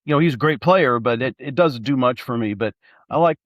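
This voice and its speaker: A man's voice: mid-range voice, brisk, fairly bright tone, dry recording, clean studio sound. A man in casual chat, rambling and hesitant as he works through his thoughts. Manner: rambling, hesitant, many fillers and restarts.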